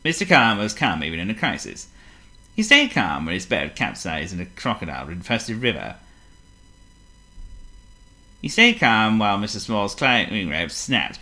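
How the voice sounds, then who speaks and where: A man reading a children's storybook aloud, theatrical and animated. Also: fairly low pitch, normal speed, pauses often. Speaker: narrator.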